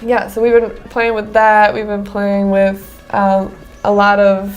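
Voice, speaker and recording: A woman's voice: mid-range voice, completely flat delivery, a little slow. A young woman who plays in a band talks casually in a studio interview. She keeps dropping "like" as she goes, and her manner stays playful. Faint music sits behind her voice. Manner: chatty, many "like" fillers, playful. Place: studio with a green screen.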